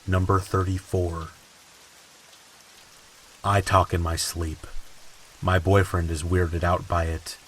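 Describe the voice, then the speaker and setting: A man reading creepy stories in a slow, ominous scripted narration. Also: deep voice, little pitch movement, a bit bright, low-quality recording. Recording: faint hiss and rain sounds behind. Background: rain ambience.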